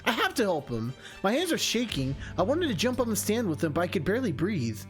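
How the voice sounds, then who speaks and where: A streamer reads a game's narration aloud with a lively, bouncing voice. They break into laughs and chatty side comments between passages. Faint game music plays underneath. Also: mid-range voice, a little fast. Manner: laughs often, chatty asides. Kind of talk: reading narration with live commentary.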